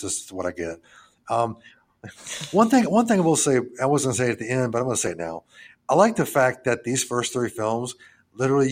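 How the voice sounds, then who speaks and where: A man co-hosting a podcast, chatting casually about horror films in a rambling, relaxed way and swearing freely. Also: lowish voice. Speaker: podcast co-host. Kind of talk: casual film chat.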